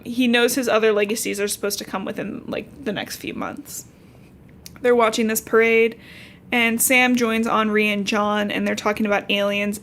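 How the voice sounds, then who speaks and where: A woman's voice: medium pitch, a bit bright, slight background noise. A young woman from Cincinnati hosting a podcast, recapping a novel in casual, slangy chat with swearing asides. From Cincinnati, Ohio. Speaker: podcast host.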